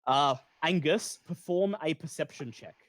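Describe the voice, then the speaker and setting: A man's voice: a little high, a little slow, a bit bright. A man narrating as game master in a tabletop game, describing scenes with occasional stumbles.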